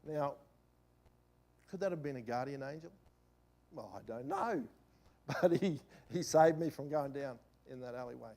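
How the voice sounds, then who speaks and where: Pastor telling a story. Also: male voice, mid-range voice, normal speed, pauses often. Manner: animated anecdote-telling with swings in loudness. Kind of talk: sermon storytelling.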